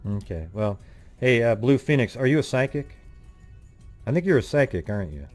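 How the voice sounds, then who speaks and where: A man's voice: medium pitch, big pitch swings, normal speed, a little mellow, faint music behind. Irritable man scolding his livestream chat. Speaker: livestream host.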